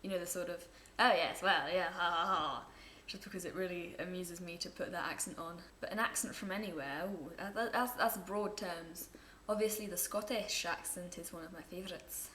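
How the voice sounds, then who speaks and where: A young woman from England, speaking in a lowish, fairly bright voice, talks fairly quickly with fairly even intonation and hardly any pauses. She answers viewer questions in a casual chat to camera at home, rambling and enjoying her own asides, in an echoey room with faint background noise.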